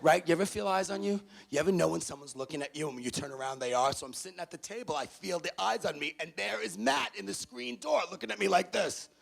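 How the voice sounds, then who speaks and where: A motivational speaker from New City, a man, working a student crowd with a story. He talks with a gravelly rasp, sits a little high for a man, and acts out every character in his story. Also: quick pace, hardly any pauses. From New York City. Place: large hall with audience.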